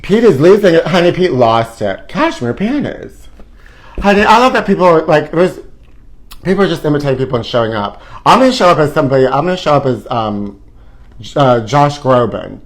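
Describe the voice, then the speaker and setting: A man's voice: on the high side, big pitch swings, brisk. A man hosting a live gossip show, campy and sassy, who calls everyone honey and now and then sings a line. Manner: breaks into short bits of song. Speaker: host.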